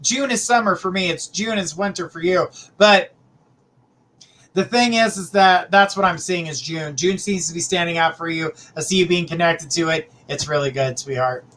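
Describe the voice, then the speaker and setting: Chatty high-voiced man hosting a livestream. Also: normal speed, fairly bright tone, slight background noise. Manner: chatty, affectionate, calls viewers sweetheart and honey. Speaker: psychic reader, livestream host. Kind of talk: casual live-stream chat reading viewer questions.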